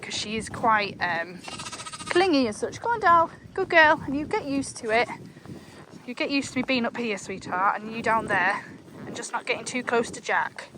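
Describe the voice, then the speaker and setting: On horseback in the fields, a woman with a fairly bright voice talks chattily to her chest cam for her farm vlog. The recording is low in quality with slight background noise, and she coos at her animals in a high sing-song.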